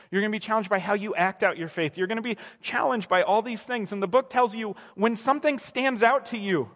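High-voiced young man preaching conversationally. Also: fairly bright tone, in a large hall. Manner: conversational, self-correcting, acts out quoted voices. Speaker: pastor. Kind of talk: sermon.

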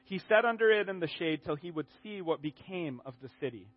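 A man preaching a sermon in a conversational, animated way, often restarting his sentences. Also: sits high, fairly quick, muffled recording.

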